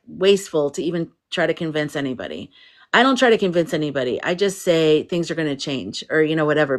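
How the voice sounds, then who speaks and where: A woman hosting a casual livestream, rambling and restarting, greeting viewers and reading their comments aloud. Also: on the low side. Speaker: livestream host.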